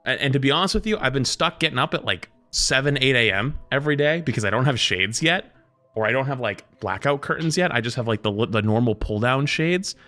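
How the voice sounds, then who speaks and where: A man streaming live, chatting casually with his viewers and telling stories in an animated way, jumping into other people's voices. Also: mid-range voice, fairly quick, faint music behind.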